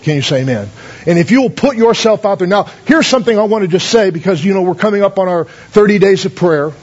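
A man's voice: sits high, darkish tone, husky, highs cut off. A man pastor telling stories in a sermon, folksy, with many fillers and calls of amen. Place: church.

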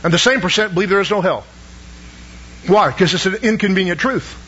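A man's voice: high voice, a little fast, bright, forceful tone, slightly rough, lo-fi sound. A man preaching a sermon, asking the congregation questions and pressing each point with emphasis. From Southern United States. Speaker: pastor.

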